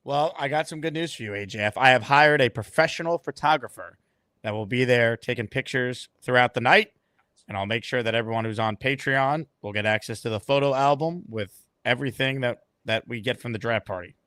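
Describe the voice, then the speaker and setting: A man's voice: medium pitch, brisk, bright, forceful tone, dry recording, studio quality. Upbeat man hosting a call-in show. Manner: upbeat, dryly joking host patter. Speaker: host. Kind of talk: call-in sports talk show.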